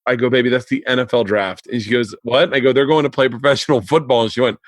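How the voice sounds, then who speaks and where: A man's voice: medium pitch, steady tone, fast, dry recording. A man hosting a podcast, telling family stories in casual chat, laughing easily and calling his guest dude. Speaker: podcast host.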